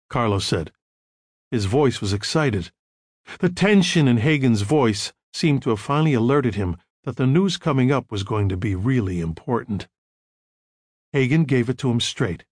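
A man narrating an audiobook in a measured, grave tone. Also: medium pitch, animated, husky, no echo, studio quality.

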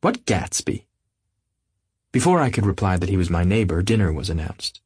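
A man narrates an audiobook in a measured first-person reading. His deep voice carries a husky edge. The recording is close and dry. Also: lively intonation, a little mellow, dry recording. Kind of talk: scripted narration.

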